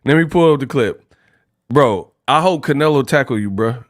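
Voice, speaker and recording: A man's voice: medium pitch, animated, moderate pace, no echo, studio quality. A young man hosting a casual boxing livestream, joking around and laughing often. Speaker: livestream host.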